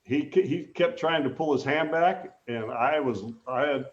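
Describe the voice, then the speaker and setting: A man's voice: a little high, unhurried. Older man telling stories on a roomy, dull line. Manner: animated anecdotes, acts out quoted voices. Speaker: guest, former baseball player. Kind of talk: casual storytelling interview.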